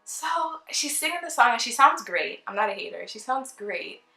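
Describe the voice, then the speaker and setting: A young woman vlogger telling a casual storytime, chatty and animated, acting out the people she quotes. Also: mid-range voice, normal speed, gravelly. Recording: roomy with faint background music.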